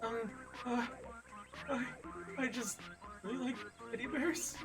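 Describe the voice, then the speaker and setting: A woman's voice: high voice, moderate pace, fairly bright tone, soft background music. A woman voicing a timid young man who stammers and pleads while accused. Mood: pleading.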